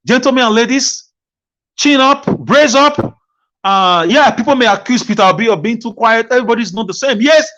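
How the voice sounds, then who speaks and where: High-voiced man on a muffled line. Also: brisk, a bit bright. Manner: stammering restarts, earnest. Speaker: caller. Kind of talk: call-in comment. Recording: muffled low-fidelity line.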